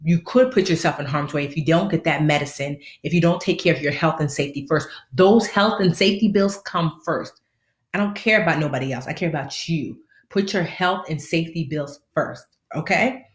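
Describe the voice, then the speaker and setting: A woman's voice: sits low, fairly quick, echoey room. A woman in her thirties with a slight lisp, giving casual, slangy money advice and playfully acting out the people she quotes. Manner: animated, playful, slangy, acts out quoted voices. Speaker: personal finance host. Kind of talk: casual live-stream advice talk.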